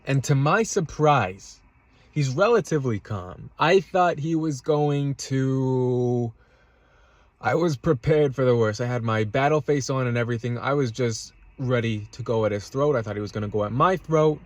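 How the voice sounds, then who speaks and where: A man's voice: mid-range voice, moderate pace, dry recording. Agitated man ranting in a parked car. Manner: agitated, swearing, repeats himself. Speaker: vlogger. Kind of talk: casual storytelling rant. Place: parked car in a parking lot.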